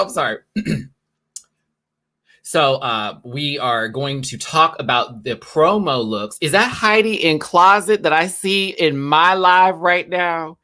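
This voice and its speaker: A man's voice: a little high, lively intonation, slow pace, pushed and bright. Man, live-stream host, casual chat, campy banter, drag slang, apartment. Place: his apartment.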